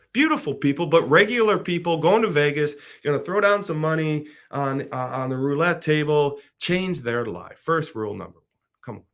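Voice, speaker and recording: A middle-aged man hosting a podcast speaks in a slightly high, somewhat bright voice. In a casual monologue, he animatedly retells a film's plot, restarting his sentences often.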